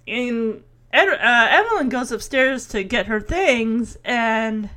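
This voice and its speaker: A woman's voice: fairly high pitch, lively intonation, slow, pushed and bright. A woman chatting casually as she recaps a show, giggling often and playfully voicing the characters' lines.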